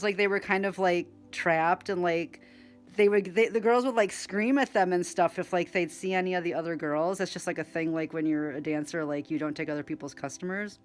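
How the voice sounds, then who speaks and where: A woman, a former club dancer, casually telling stories in a rambling way, full of fillers and swearing, acting out what others said. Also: lowish voice. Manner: rambling, filler-heavy, swears a lot, acts out others' lines. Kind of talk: casual storytelling.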